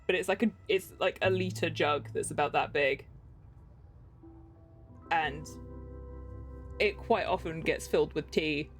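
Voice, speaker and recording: With soft music behind her, a young woman from England chats through a game stream in a low-pitched voice, rambling and giggling as she goes. She speaks at a measured pace and pauses often.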